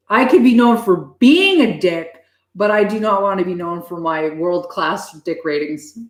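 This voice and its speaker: A woman chatting with viewers on a live stream, blunt and heavy on swearing, quick to switch tone. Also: mid-range voice. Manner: profane, blunt and fast-shifting. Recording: echoey room.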